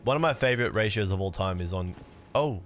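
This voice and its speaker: A man's voice: fairly low pitch, lively intonation, quick pace, loud music behind the voice. A young man chatting casually on a livestream while gaming, laid-back and rambling, cursing now and then. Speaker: streamer.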